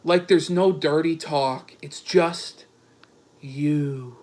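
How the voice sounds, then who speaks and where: A man voicing a grown man who sends earnest romantic texts, read in a low, mock-earnest way. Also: steady tone, very slow, darkish tone.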